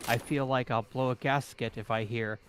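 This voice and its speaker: Dude reading chat donations out loud, plain flat delivery, noisy hiss behind. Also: male voice, mid-range voice, normal speed. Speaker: co-host reading viewer messages. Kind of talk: reading chat messages aloud.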